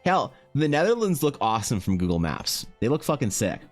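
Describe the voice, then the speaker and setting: A man's voice: medium pitch, sing-song, fairly quick, faint music behind. A man, chatting on a livestream in a joking, slangy way, swearing and laughing. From Canada. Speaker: art streamer. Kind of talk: casual livestream chat.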